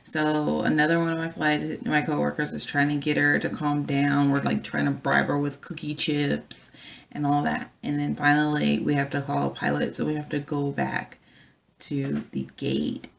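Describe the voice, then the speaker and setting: A woman with a low voice and a gravelly edge recounts a story from her job as a flight attendant. She talks casually and with animation, often turning to her viewers as she goes. The feel is a relaxed vlog. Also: moderate pace, a little hiss or hum. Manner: chatty, animated, addresses viewers directly.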